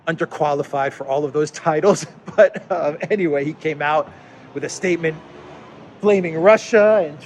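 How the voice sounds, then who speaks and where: A man's voice: on the high side, slight background noise. A man hosting casual political commentary who talks sarcastically, laughs often and acts out mock impressions. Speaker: host.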